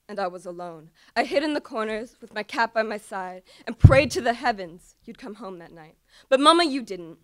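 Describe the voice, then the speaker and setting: A woman's voice: medium pitch, dry recording, studio quality. A teenage girl performing an impassioned, pleading slam poem with repetitive cries to her mother. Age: teens. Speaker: student poet.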